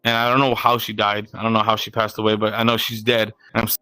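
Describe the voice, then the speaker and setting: A man's voice: lowish voice, monotone, fast, pushed and bright, clear, resonant tone, no room sound, low-quality recording. A man co-hosting a podcast, telling a long, detailed, rambling story in casual chat. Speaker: podcast co-host.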